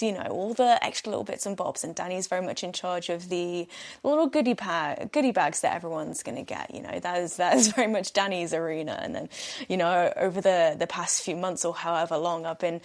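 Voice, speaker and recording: A young British woman hosting a casual solo podcast, telling stories in a chatty, self-mocking way and laughing often. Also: lowish voice. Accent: British English. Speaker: podcast host.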